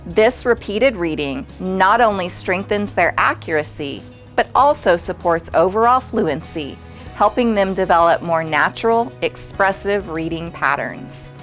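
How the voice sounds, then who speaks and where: A woman with a somewhat low voice reads a scripted voice-over for a teacher-training video. Her delivery is clear and measured, carefully explaining each point. Soft music plays faintly underneath. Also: lively intonation. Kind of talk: scripted narration.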